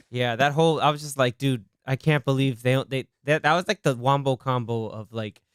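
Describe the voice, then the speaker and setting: A young man with a smooth, resonant voice hosts a relaxed movie podcast. He talks with excitement and slips into quoted lines as he recounts scenes. The sound is dry and close. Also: medium pitch, moderate pace, dry recording. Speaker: podcast host. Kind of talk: casual movie chat.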